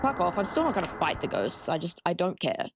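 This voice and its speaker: A woman's voice: fairly low pitch, big pitch swings, a little fast, breathy edge, no echo, studio quality. An Australian woman streaming a horror game, chatting with her viewers and swearing freely. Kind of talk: casual live-stream gameplay commentary.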